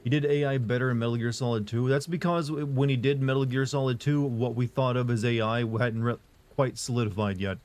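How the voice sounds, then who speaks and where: A man streaming live who answers chat in a casual, monotone, rambling way, full of fillers and restarts. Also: mid-range voice, a little fast. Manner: monotone, flat delivery.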